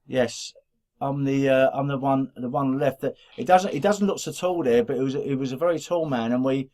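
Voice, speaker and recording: A man's voice: medium pitch, moderate pace, warm tone. A middle-aged man from the Black Country of England, co-hosting a podcast in casual chat, rambling and restarting his sentences often. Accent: Black Country English. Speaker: podcast co-host.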